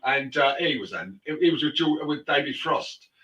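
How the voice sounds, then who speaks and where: A man's voice: medium pitch, lively intonation, moderate pace, pushed and bright, echoey room, recorded from a distance, low-quality recording. A man telling coarse, swearing anecdotes in casual chat, full of stumbling restarts. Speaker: host.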